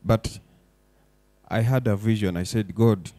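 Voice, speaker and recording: A young man speaks with rising passion at a public event. His voice sits low and warm, and the sound is dry and close, with no room echo. He shifts from reflective lines to forceful declarations. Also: measured pace. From Uganda. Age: young adult. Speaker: foundation director giving a speech. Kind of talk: emotional public speech. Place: event hall.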